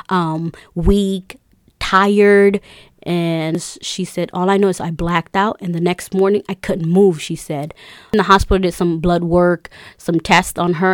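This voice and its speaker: A woman's voice: on the low side, no room sound, studio quality. A woman casually retelling a story, chatty, with many fillers and quoted voices.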